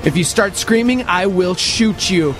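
A man's voice: high voice, a little slow, a bit bright, faint music behind. A man putting on the voice of a menacing male gunman who barks threats during a dramatic retelling. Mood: threatening.

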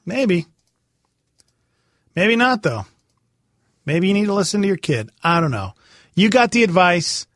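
A man's voice: high-pitched, sing-song, unhurried, long pauses, a bit bright, dry recording, clean studio sound. A man hosting a morning radio show, chatting and telling stories from his childhood. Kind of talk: casual morning radio banter. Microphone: studio microphone.

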